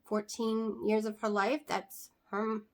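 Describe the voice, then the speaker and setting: A woman's voice: medium pitch, little pitch movement, slow pace. A woman, chatting casually to camera as a vlogger, rambling with many fillers and asides.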